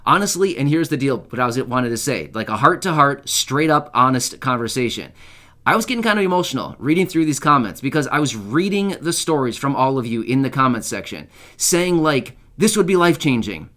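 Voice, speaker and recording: A man's voice: mid-range voice, lively intonation, fairly quick, sharp tone. A man hosting his own channel, talking casually and earnestly to his viewers, rambling with lots of fillers and heartfelt asides. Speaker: channel host. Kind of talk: casual to-camera talk.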